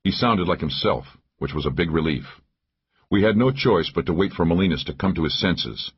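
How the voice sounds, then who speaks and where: Very deep husky male narrator. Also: animated, moderate pace. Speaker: audiobook narrator. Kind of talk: first-person thriller narration. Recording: dull lo-fi audio.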